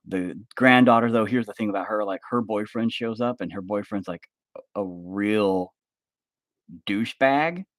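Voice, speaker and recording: Rambling, low-voiced man on a livestream. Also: dry recording. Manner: rambling, filler-heavy, profane. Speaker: livestream host. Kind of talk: casual pitch of a film idea.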